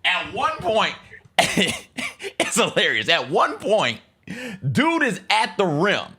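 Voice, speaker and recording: Animated, bright-voiced man co-host. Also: high-pitched, slow, slightly rough. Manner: animated, exasperated storytelling. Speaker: sports show co-host. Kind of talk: sports talk show chat.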